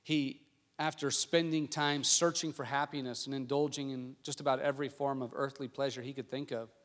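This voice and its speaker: A male pastor preaching a sermon, telling stories and asking the congregation questions with rising excitement. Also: mid-range voice, fairly quick. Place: church sanctuary. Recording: long hall reverb.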